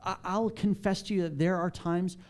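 A man's voice: high voice, steady tone, normal speed. A man, a pastor with children, giving a candid, self-deprecating, conversational sermon.

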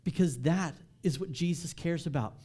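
Male pastor, sermon delivery, mellow tone, animated and conversational, climbs higher and louder on key points. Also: moderate pace, slightly rough. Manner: animated, rising in pitch and volume when stressing a point.

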